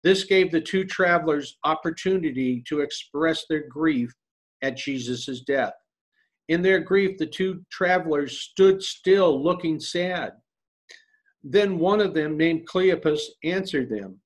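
A male pastor giving a sermon in a measured, earnest preaching manner. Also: on the high side.

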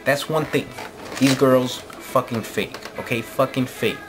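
A man's voice: medium pitch, a little slow, music in the background. A man from New Jersey ranting angrily and profanely into the camera late at night, often repeating "you know what I'm saying.". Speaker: vlogger. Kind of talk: late-night opinion rant.

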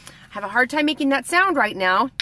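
A woman's voice: high-pitched, expressive, fairly quick, bright, forceful tone, no echo. A woman hosting a word-of-the-day lesson in a chatty way, greeting viewers by name, with a slight lisp from orthodontic bands. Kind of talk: casual live video lesson.

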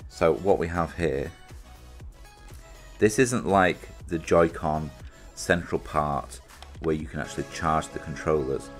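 Speaking at a measured pace, a British man with a remarkably deep, low voice reviews a gadget as he unboxes it, keeping the demonstration casual and chatty. He muses aloud, makes fun of himself, and soft music plays faintly beneath him.

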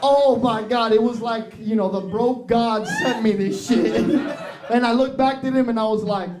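A man's voice: very high-pitched, measured pace, darkish tone, slight background noise. A young man doing a brash, profane stand-up comedy set, dropping into Spanish. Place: small improv theatre stage. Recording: roomy live club recording with crowd.

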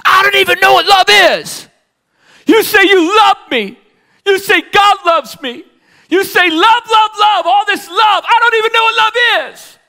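A man acting out a furious, troubled young man who shouts defiantly in a strained voice during a sermon story. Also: extremely high pitch, a little slow, voice pushed up, heavily acted.

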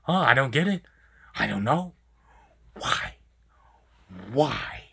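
Exasperated young man, husky forceful rant. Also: medium pitch, expressive, moderate pace. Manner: exasperated, profane, repetitive ranting. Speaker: fast food worker ranting. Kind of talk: vlog rant.

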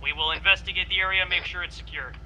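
A man's voice: sits high, fairly even intonation, very fast, bright, forceful tone, slight background noise, low-quality recording. A man leading a game convoy with clipped, military-style radio orders. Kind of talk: radio-style squad commands.

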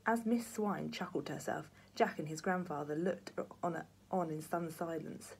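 A woman, a primary teacher, reading a children's book aloud with lively, expressive storytelling. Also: deep voice, normal speed, creaky, few pauses, a little hiss or hum.

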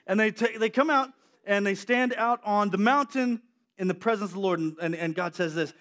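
A man with a high voice delivers a youth sermon. He is animated and slips in and out of playing the characters in his story. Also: a little fast.

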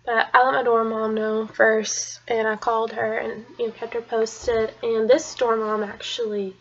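A woman's voice: a little high, little pitch movement, unhurried, a bit bright, highs cut off. A young woman telling a personal story to camera in a rambling, chatty way, now and then dropping to a whisper. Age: young adult. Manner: rambling, chatty, drops to a whisper at painful parts. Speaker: vlogger.

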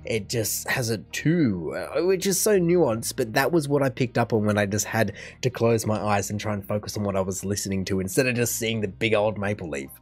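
A man's voice: fairly low pitch, fairly quick, hardly any pauses, a little mellow, soft background music. A man with an Australian accent, hosting a reaction video and giving long, opinionated casual commentary. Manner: chatty, opinionated, talks at length.

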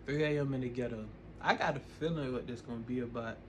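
A man's voice: mid-range voice, quick pace, a little hiss or hum. A man hosting a reaction video, chatting casually in slang and laughing often. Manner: laid-back slangy chat, laughs often.

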